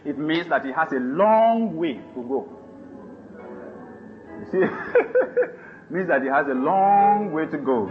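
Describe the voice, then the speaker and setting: High-voiced preacher man, lively sermon. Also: highs cut off. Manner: animated preaching with laughs and call-and-response. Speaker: pastor.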